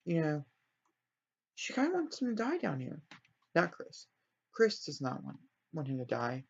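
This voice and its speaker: Man, game storyteller, rambling, self-correcting, gravelly voice, muffled lo-fi sound. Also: a little high, sing-song, measured pace. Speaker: let's play storyteller. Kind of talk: casual game commentary. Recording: dull lo-fi recording.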